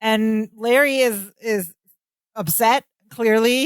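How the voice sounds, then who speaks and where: A woman's voice: mid-range voice, moderate pace, no echo, studio quality. A woman co-hosting a podcast, casually retelling sitcom scenes and quoting the characters. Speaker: podcast co-host. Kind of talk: casual chat recapping a sitcom episode.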